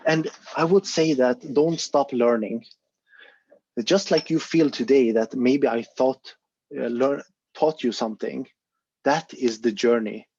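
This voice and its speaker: A man hosting an online talk, speaking earnestly and encouragingly, with fillers as he thinks aloud. His voice is dark and a little husky. The call audio is dry and muffled. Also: mid-range voice, a little slow, no echo. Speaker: volunteer presenter of an online discussion. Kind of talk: casual explanatory talk on a video call.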